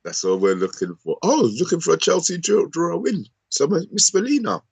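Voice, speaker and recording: A man's voice: on the high side, wildly swooping pitch, brisk, breathy edge, no echo. A man co-hosting a live football stream, bantering and teasing his co-host. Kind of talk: casual live stream chat.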